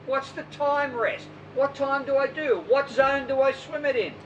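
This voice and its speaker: Blunt, high-voiced woman swim coach. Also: fairly even intonation, measured pace, distant mic, highs cut off, slight background noise. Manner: blunt, emphatic, mocks other coaches' methods. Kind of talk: informal coaching talk to athletes.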